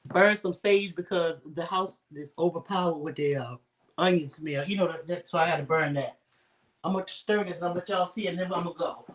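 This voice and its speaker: A woman's voice: lowish voice, a little fast, distant mic, rough recording. A middle-aged woman hosting a casual cooking livestream from her home kitchen, chatting straight to her viewers with lots of asides. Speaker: home cook livestream host.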